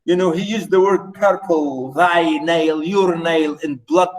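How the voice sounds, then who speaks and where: A man lecturing on poetry, animated, asking the class rhetorical questions and reading verse aloud slowly. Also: fairly high pitch, distant mic, poor audio. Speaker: literature lecturer.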